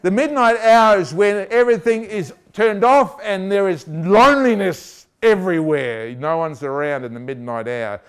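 Lively high-voiced male preacher. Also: moderate pace, few pauses, clean tone. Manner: animated, jokey, acts out voices. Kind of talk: lively sermon.

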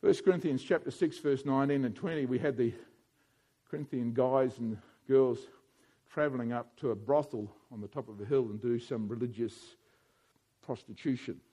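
A man preaching a sermon in a church, animated and playful, often putting questions to the congregation. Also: mid-range voice, normal speed, slightly rough.

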